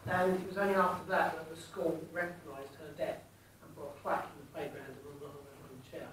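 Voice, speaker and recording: A man's voice: a little high, little pitch movement, fairly quick. A man in his forties from England, a ghost tour guide and medium, telling cheeky stories and teasing a live group. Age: 40s. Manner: cheeky, jokey, teases the audience. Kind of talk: joking storytelling to a live group. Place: large indoor hall in an old fort. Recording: echoey, distant room with faint noise.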